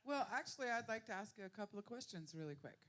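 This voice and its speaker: A woman hosting a live music broadcast from a venue, chatty and excitable, chatting casually with a band. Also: mid-range voice, fast. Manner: chatty, excitable, self-deprecating. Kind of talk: casual live on-air chat.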